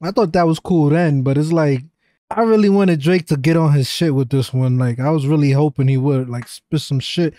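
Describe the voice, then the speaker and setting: Man, reaction host, casual slangy commentary, hyped, fairly high voice, dry sound. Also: mellow, no room sound. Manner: hyped, rapid slangy cheering. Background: rap track playing faintly.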